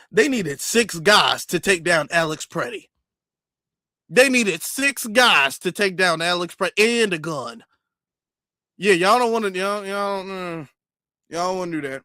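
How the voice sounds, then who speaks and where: A man's voice: high voice, pushed and bright, no echo, clean studio sound. A man doing emphatic live-stream commentary, repeating himself and firing rhetorical questions. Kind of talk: live-stream commentary reading super chats.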